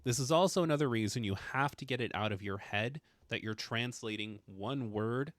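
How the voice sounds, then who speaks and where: A man's voice: medium pitch, normal speed, no echo. A man teaching a casual language lesson, explaining with playful emphasis and jokes.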